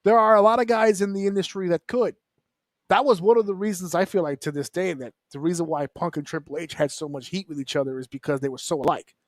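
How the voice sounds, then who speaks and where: A man on a wrestling round-table show, talking casually and bluntly, swearing freely and breaking into quick mimicry of the people he discusses. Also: high voice, dry recording, clean studio sound. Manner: animated, profane, mimics wrestlers in quick asides. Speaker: wrestling podcast panelist.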